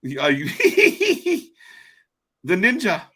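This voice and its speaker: A man's voice: very high-pitched, huge pitch swings, very slow, pushed and bright, husky. A man co-hosting a live reaction stream in casual, jokey chat that trails off into fillers. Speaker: co-host of a live wrestling watch-along stream.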